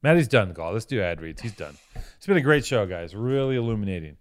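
A man's voice: on the low side, big pitch swings, quick pace, dry recording. A man hosting a podcast in casual banter, crude and joking, rambling through stories. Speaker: podcast host.

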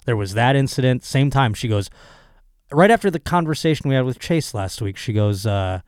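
A hoarse male comedian talks through a solo podcast monologue, his voice not fully recovered. He rambles and swears with excitable bursts, close and dry to the mic at a middling pitch. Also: moderate pace, no room sound.

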